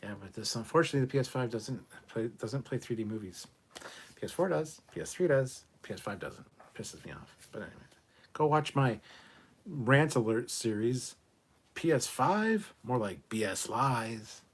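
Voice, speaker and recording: Husky man hosting a livestream. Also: mid-range voice, lively intonation, normal speed. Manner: profane, offhand, reads viewer comments aloud. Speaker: livestream host reading chat. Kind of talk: casual live chat.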